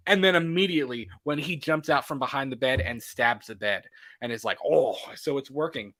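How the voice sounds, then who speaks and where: A young man co-hosting a movie podcast in casual chat, excitable and laughing often as he acts out scenes. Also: fairly high pitch, normal speed. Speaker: podcast co-host.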